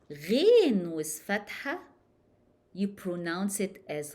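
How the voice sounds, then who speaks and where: Very slow, lively woman teaching letters. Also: on the low side. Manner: repeats each sound several times, drawn out. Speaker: language teacher. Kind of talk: slow letter-by-letter pronunciation lesson.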